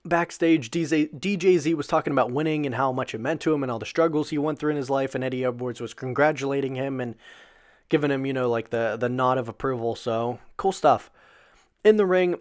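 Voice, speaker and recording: Rambling, profane man recapping wrestling. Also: medium pitch. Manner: loose and profane, many fillers, bursts of excited disbelief. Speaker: wrestling show reviewer. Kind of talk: casual recap commentary.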